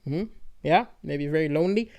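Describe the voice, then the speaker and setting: A man with a rather high voice does stand-up comedy over a live stream. He tells stories and answers viewer comments in a chatty manner, rising to excited emphasis on his punchlines. He talks into a streaming microphone. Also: moderate pace. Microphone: streaming microphone with adjustable levels.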